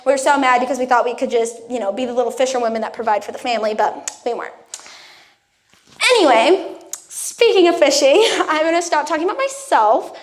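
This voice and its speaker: A woman's voice: sits high, lively intonation, brisk. A young woman giving a youth sermon, telling a personal story in a casual way and acting out what people said. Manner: casual storytelling, acts out quotes. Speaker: youth speaker. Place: church youth room. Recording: echoey room.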